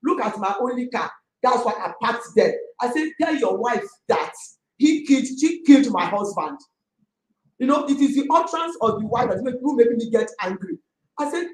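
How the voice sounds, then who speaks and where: A middle-aged woman with a Nigerian accent, a landlady complaining about a tenant in an emphatic, excitable way. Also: a little high. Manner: emphatic, excitable, talks forcefully. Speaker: landlady in a dispute. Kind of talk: heated complaint. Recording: echoey room.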